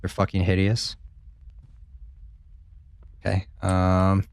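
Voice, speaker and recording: A man's voice: sits low, completely flat delivery, slow, gravelly, smooth, no echo. A man streaming a horror game, chatting casually with his viewers, swearing freely and joking as he plays. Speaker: gaming streamer. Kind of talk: casual let's-play commentary.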